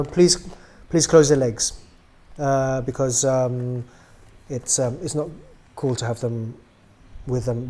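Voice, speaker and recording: A middle-aged man casually demonstrating how to pose and reset a doll's joints, relaxed and chatty, with many ums, trailing off quietly at the ends of phrases. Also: medium pitch. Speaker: doll maker demonstrating a product.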